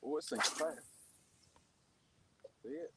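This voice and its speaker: A man, making lively joking remarks while fishing from a boat on a lake. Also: a little high, slow, distant mic. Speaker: fishing video co-host. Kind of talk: casual chat while fishing. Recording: gravelly voice from off-mic over loud outdoor noise.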